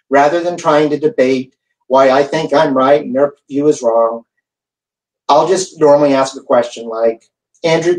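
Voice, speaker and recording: A man giving a keynote speech as an animated storyteller who acts out the dialogue in his stories. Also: a little high. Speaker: keynote speaker. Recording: echoey hall, voice from far off.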